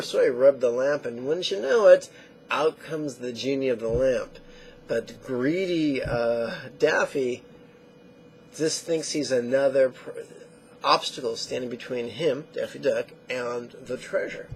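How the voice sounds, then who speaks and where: A man teaching meditation, who tells lively stories and acts out the quotes. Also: mid-range voice, unhurried, creaky, a little hiss or hum. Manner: animated storyteller acting out quotes. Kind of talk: spoken meditation lesson.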